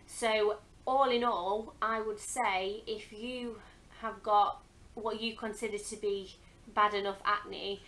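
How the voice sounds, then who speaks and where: Bright-voiced young woman vlogging. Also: mid-range voice, steady tone, slow, low-quality recording. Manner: chatty and earnest, with frequent hesitant ums. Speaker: beauty vlogger. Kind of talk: casual talk to camera. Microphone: camera mic.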